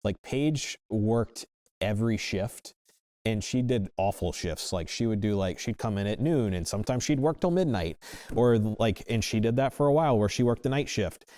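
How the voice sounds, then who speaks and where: A man's voice: on the low side, expressive, normal speed, dark tone, no room sound. A man on a discussion panel, a former assistant news director, talking casually with many fillers.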